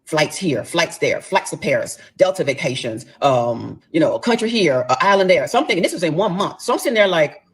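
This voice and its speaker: A woman's voice: sits low, animated, fairly quick, few pauses, slightly rough. A middle-aged woman telling a personal story in a casual, emphatic way, talking straight to her listeners. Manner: emphatic, addresses listeners as y'all.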